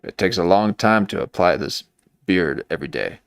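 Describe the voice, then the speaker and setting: A man's voice: deep voice, lively intonation, moderate pace, gravelly, clean tone, no room sound, clean studio sound. A man giving rambling, mocking live-stream commentary into a desk microphone. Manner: mocking, meandering, full of restarts.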